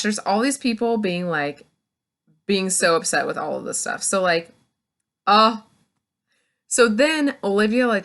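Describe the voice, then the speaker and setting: A woman's voice: medium pitch, sharp tone. A woman reviewing a book, recapping the plot in a gushing, casual way, full of "like". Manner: gushing, filler-heavy, full of "like".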